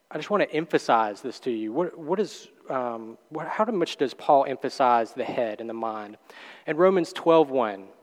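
Casting: male pastor, mid-pitched, easygoing sermon delivery, lingering church-hall reverb. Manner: conversational, folksy, many fillers and restarts.

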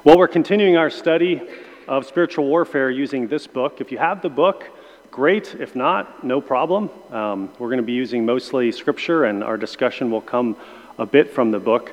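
A man leading a church Bible class in a conversational way, with many pauses and restarts. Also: mid-range voice, highs cut off. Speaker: Sunday school teacher. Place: church room. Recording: long hall reverb.

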